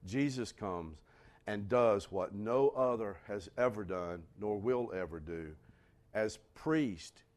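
A man preaching a sermon in a folksy, animated way, with sudden loud bursts. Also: fairly low pitch, takes it slowly. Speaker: pastor.

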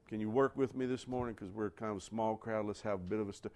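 A man preaching a sermon as pastor, animated and asking his congregation questions. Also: fairly low pitch, fast, few pauses. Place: church.

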